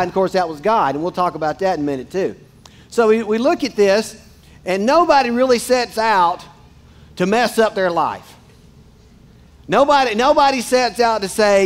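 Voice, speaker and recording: A man's voice: high voice, a little fast. A man, preaching a casual, joking sermon straight to his congregation in a church. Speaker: pastor. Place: church sanctuary.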